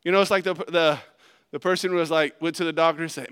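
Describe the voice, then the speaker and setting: A man preaching a sermon, folksy and animated, swinging between loud emphasis and hushed asides. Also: fairly high pitch, fast talker, clear, resonant tone. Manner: animated, folksy, acts out little voices. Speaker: pastor.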